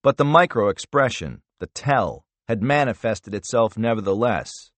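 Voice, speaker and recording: Expressive low-voiced male narrator. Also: unhurried, no room sound. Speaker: audiobook narrator. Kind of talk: scripted thriller narration.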